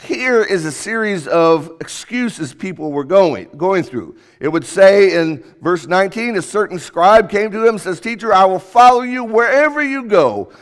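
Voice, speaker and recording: High-voiced man preaching in a reverberant hall. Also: animated, moderate pace, few pauses. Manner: emphatic, rising and falling sharply for emphasis. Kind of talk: sermon. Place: church auditorium. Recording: long reverb of a church hall.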